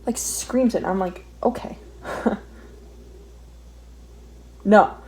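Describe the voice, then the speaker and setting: A woman's voice: medium pitch, drawn-out words, background noise. A young woman telling a story while she draws, ranting and swearing in an exasperated, casual way. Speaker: vlogger.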